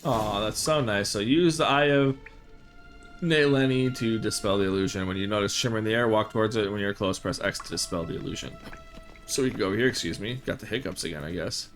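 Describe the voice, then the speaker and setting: A man's voice: fairly low pitch, fairly quick, soft background music. A man hosting a let's play, talking in a rambling, easygoing way as he plays. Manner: rambling, easygoing, reads text aloud. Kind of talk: casual gameplay commentary.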